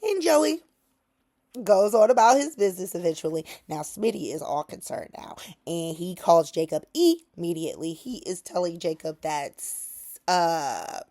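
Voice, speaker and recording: An animated woman recaps the latest soap episode in a casual vlog. Her pitch swings widely as she tells the story, and she drops in slang and sassy asides along the way. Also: measured pace. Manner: animated, acts out characters' lines in quotes; laughs often, slangy and sassy. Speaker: soap opera recap host.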